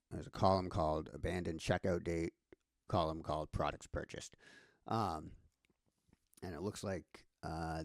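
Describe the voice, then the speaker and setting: A man's voice: very deep voice, dry recording, clean studio sound. A man giving a casual screen-share tutorial, thinking aloud with many fillers and restarts. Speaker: instructor.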